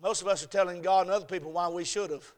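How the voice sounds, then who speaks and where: A man preaching a sermon with passion, in rhythmic, repeated phrases that move from hushed to shouting. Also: high voice, steady tone, rapid-fire. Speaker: pastor.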